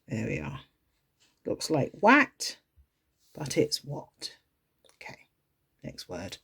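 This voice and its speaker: A woman's voice: a bass voice, animated, takes it slowly, creaky, husky. A woman teaching a phonics lesson to young children from home, in an exaggerated sing-song way, playfully pretending to make mistakes. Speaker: early years teacher.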